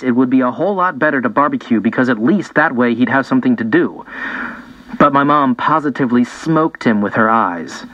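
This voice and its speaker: A man narrates an audiobook in a casual, chatty first-person manner. His pitch sits in the middle range. The recording sounds dull and lo-fi, with a very dry, close sound. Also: fairly bright tone, no room sound.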